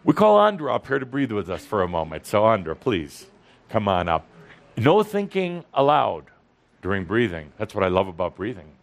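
A man's voice: lowish voice, huge pitch swings, normal speed. A man speaking to an audience as a spiritual teacher. He teases and provokes, and he repeats lines for emphasis. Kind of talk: teasing, lively spiritual talk.

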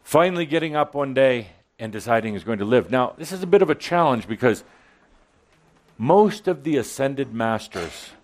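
Man, spiritual talk to an audience, playful, teasing, dramatic pauses, shifts between loud and soft. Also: medium pitch, animated. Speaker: channeling speaker.

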